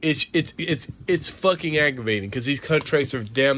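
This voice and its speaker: A sports vlogger delivers a frustrated, profane rant to the camera, repeating himself as he vents. His voice sits at medium pitch with a bright, forceful tone, and he moves at a moderate pace with hardly any pauses.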